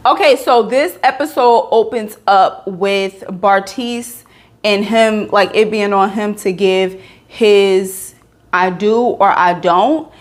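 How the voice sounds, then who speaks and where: A woman's voice: mid-range voice, slow. A young woman reviewing a reality show in a casual vlog, chatty and exasperated. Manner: animated, exasperated, chatty with fillers.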